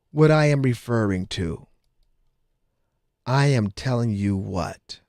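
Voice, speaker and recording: An animated man hosts a call-in talk radio show, his voice swinging high and low as he exclaims. He speaks into a studio microphone with a dry, close sound. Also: slow pace, vocal fry, long pauses, no echo. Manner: animated, exclaiming, repeats the phone number.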